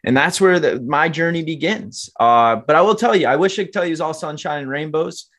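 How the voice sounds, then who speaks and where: Animated and a little fast, with a bright voice on the high side, a podcast guest in his 20s shares his life story. He's earnest and motivational, often speaking straight to the audience in this candid interview.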